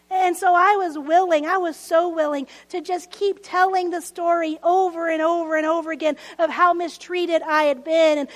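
A woman preaching a sermon in an earnest way, breaking into little laughs between phrases. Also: very high-pitched. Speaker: pastor.

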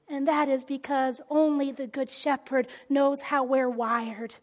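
A woman with a very high voice preaching in a relaxed, conversational way. She is animated and often sinks into a soft near-whisper. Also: a little slow. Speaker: speaker. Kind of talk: conversational sermon.

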